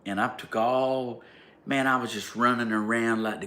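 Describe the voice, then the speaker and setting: A man's voice: medium pitch, steady tone, normal speed, pushed and bright. A man with a Southern American accent telling a story in a rambling, casual way, leaning on "like" and breaking into emphatic bursts. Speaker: vlogger. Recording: roomy echo, faint ambience.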